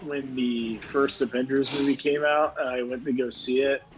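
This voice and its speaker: A man's voice: medium pitch, level tone, moderate pace, poor audio. A tired man in casual chat while streaming a game, rambling and laughing, with lots of "like". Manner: rambling, laughs often, says "like" a lot.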